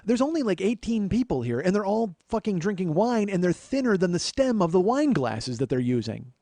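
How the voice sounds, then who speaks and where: A man's voice: sits high, sing-song, fairly quick, warm tone, no room sound. A man in his forties hosting a podcast, telling a long comic story with profane, self-deprecating asides. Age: 40s. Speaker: podcast host. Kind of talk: comedic storytelling monologue.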